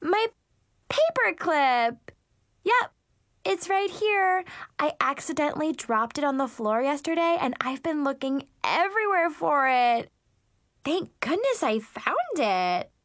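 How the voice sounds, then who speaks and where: Here a female narrator slips fully into character as a fake-sweet, snobby teen, her gushing voice high, sugary, stretched out, sing-song and a bit bright. It's miked close, totally dry, with no trace of a room.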